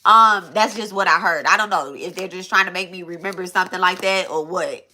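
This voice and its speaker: Lady doing a tarot reading, bright sharp voice, cusses a lot, keeps restarting her thoughts. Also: on the low side, a little fast. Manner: casual, swearing, thinks aloud with many restarts. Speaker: tarot reader. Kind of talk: spiritual reading to viewers.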